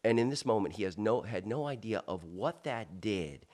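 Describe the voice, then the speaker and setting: This South Florida man, a guest in an interview, has a lowish voice and talks at normal speed. He tells a personal story animatedly, full of restarts and asides.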